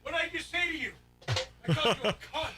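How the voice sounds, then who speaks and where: A man's voice: very high-pitched, animated, fast talker, bright, forceful tone, soft background music. A man co-hosting a radio show, swearing, combative and mocking in a heated exchange. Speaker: co-host. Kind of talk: heated profane argument.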